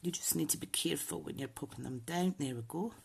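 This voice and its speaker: A woman's voice: low voice, fast talker, vocal fry, darkish tone, slight background noise. A woman hosting a casual crafting tutorial, chatting and thinking aloud with frequent ums. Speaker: papercraft channel host.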